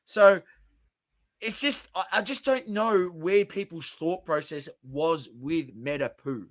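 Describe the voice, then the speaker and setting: A man with a fairly high voice co-hosts a casual podcast, speaking slowly. He explains his points with frequent stammered restarts.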